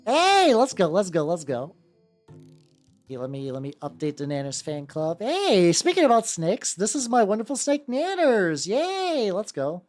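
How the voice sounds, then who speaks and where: Lively, excitable woman streamer. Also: lowish voice, moderate pace, faint music behind. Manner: excitable, swears casually, repeats words. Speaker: streamer painting miniatures. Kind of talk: casual live-stream chat.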